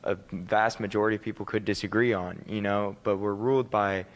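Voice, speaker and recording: A man's voice: fairly low pitch, steady tone, fairly quick, highs cut off. A man in the audience asking a question in a casual way, full of "like" and "you know". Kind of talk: Q&A question from the floor. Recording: hall reverb.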